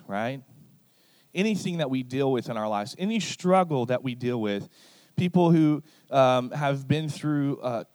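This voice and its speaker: A man's voice: fairly high pitch, darkish tone, dry recording. A man preaching a sermon in a conversational way, often asking his listeners "right?" and acting out short quoted exchanges. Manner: illustrative, acts out quoted exchanges.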